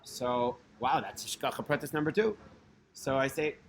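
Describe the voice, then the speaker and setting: A man's voice: medium pitch, animated, moderate pace, slight background noise. A man telling a personal religious story in a loose, conversational way, full of fillers and restarts and sprinkled with Hebrew terms. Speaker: storyteller host. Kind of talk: casual spoken storytelling.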